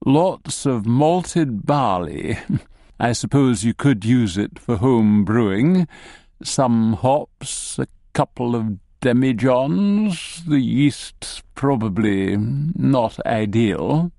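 A man voicing a sly, cryptic male gnome who speaks slowly and deliberately, in a hushed tone. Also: mid-range voice, big pitch swings, no echo, studio quality, heavily acted. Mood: musing. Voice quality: slow, deliberate, hushed delivery.

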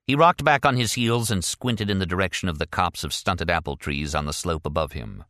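A man reading a thriller audiobook in a measured, expressive storytelling voice. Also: sits low, dry recording, studio quality. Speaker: audiobook narrator. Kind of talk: scripted narration.

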